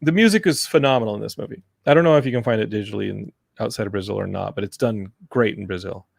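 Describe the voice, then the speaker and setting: A man hosting a casual podcast chat, telling animated stories about his family and film sets. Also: lowish voice, rapid-fire, vocal fry, dry recording, clean studio sound. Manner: animated storyteller, mimics his mom. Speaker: podcast host and filmmaker.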